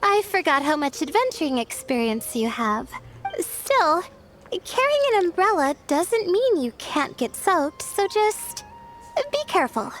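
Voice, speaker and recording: A woman voicing a shy, sleepy young scholar in a video game, soft-spoken and hesitant. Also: extremely high pitch, very animated, a little slow, faint music behind, heavily acted. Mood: calm. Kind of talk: game voice acting.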